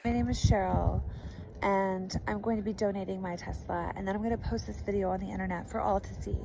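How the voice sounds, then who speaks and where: A woman's voice: medium pitch, fairly even intonation, fairly quick, noisy background, voice pushed down, lightly acted. A woman putting on a sarcastic, airy parody voice of a smug celebrity woman. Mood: mocking. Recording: clear music playing behind.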